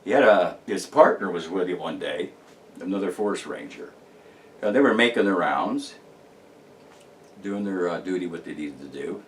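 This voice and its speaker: A man's voice: sits low, recorded from a distance. A man talking casually about his paranormal research, rambling and emphatic, with many restarts and fillers. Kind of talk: casual monologue to camera.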